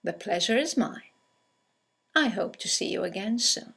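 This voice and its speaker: A woman narrating a scripted English conversation lesson, reading example greetings aloud with slow, clear delivery. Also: medium pitch, lively intonation, bright, forceful tone. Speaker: English teacher.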